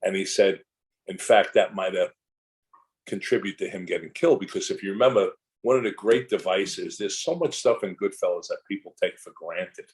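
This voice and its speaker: A man's voice: sits low, normal speed, low-quality recording. An older man, an actor guest in a casual interview, telling long rambling anecdotes full of restarts and asides.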